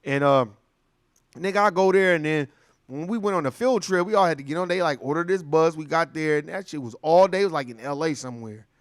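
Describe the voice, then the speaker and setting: A young adult man in a casual, profane monologue, telling stories with lots of energy and acting out other people's voices. His voice sits fairly high and sounds dry and close, with little room around it. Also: brisk, dry recording. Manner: animated storytelling, acts out voices. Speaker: commentator.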